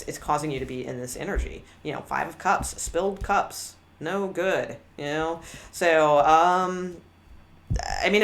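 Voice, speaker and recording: Low-voiced woman reading tarot, blunt. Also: a little hiss or hum. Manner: candid, blunt, rambling with many restarts. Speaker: tarot reader.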